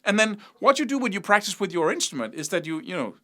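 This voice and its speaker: A man gives a guitar lesson in a bright, fairly high voice that rises and falls a lot. He talks in a loose, conversational way, restarting sentences and sounding out rhythms with syllables. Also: big pitch swings, quick pace. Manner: demonstrates picking rhythms by singing syllables; conversational, repeats himself and restarts. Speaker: guitar teacher.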